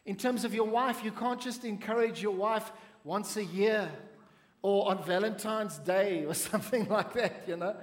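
A man preaching a sermon to a congregation, speaking in measured phrases and asking the audience to respond. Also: high voice, roomy sound, long reverb tail. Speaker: pastor.

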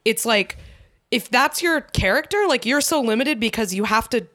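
A woman co-hosting a podcast in casual chat, talkative and quick to laugh, with lots of fillers. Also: fairly high pitch, expressive, bright, forceful tone, dry recording, studio quality. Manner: chatty, laughs often, many fillers. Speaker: podcast co-host.

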